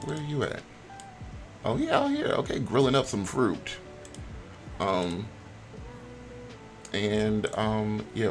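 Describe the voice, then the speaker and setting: A man streaming a life-sim game, chatting playfully to his viewers as he narrates. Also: on the low side. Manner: chatty, playful, talks to chat. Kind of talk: casual game commentary.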